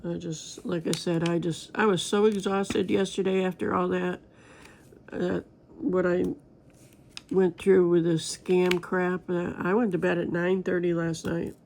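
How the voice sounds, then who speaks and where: Gravelly-voiced woman chatting casually. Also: fairly low pitch, little pitch movement, unhurried, a little mellow, slight background noise. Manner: rambling, chatty, talks straight to viewers. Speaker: crafting vlogger. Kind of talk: casual chat while diamond painting.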